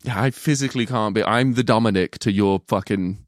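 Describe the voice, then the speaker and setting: A man's voice: fairly low pitch, a little fast, dry recording, studio quality. A young man co-hosting a casual film podcast, swearing a lot and laughing often. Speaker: podcast co-host. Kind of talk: casual film-discussion chat.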